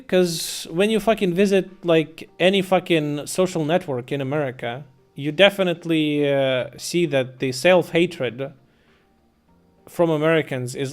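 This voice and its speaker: Blunt, mocking male streamer, higher voice. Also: smooth. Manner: blunt, swearing, mocking, incredulous. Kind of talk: casual live-stream chat reading viewers' comments.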